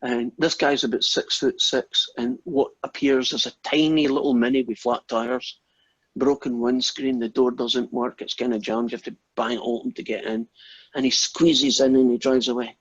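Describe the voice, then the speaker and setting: Male lecturer, husky, chatty storyteller, dull dry lo-fi audio. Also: mid-range voice, level tone, moderate pace, no echo. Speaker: math lecturer. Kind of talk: online lecture with a joke.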